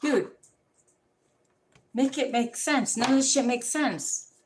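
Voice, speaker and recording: A woman ranting casually to the camera, profane and rambling, telling animated stories. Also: fairly high pitch, slow, noisy background.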